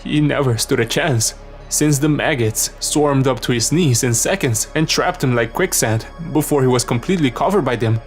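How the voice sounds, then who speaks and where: A man's voice: medium pitch, normal speed. A man narrating a horror story in a tense, dramatic scripted reading. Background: background music.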